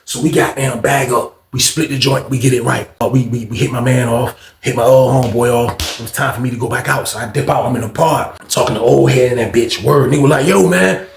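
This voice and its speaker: A man telling a story in casual, slangy talk, acting out loud quotes along the way. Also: mid-range voice, fast talker, gravelly, hardly any pauses, roomy sound, slight background noise. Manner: animated, slangy, swings into loud acted-out quotes.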